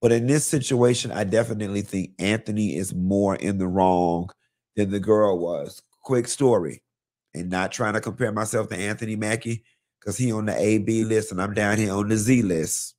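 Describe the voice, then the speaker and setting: Sassy, profane gossip host, low voice. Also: male voice, normal speed. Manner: sassy, blunt, profane, animated storytelling. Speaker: host of a live gossip show. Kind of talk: casual celebrity gossip commentary.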